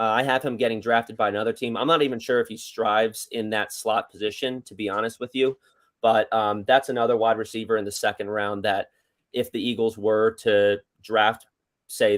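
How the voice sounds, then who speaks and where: A man with a fairly low voice, a guest on a sports show. He lays out his opinions in a measured, thoughtful way, with a few small restarts. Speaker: podcast guest. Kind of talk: casual sports chat.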